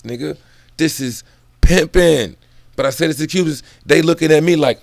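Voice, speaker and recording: A man talks loosely and profanely about a book, wandering into side stories. He laughs between thoughts. His voice sits at an ordinary middle pitch, with a dry, close sound and no room echo. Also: moderate pace. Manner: loose, profane, digressive talk. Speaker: book commentary vlogger. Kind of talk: casual profane book commentary.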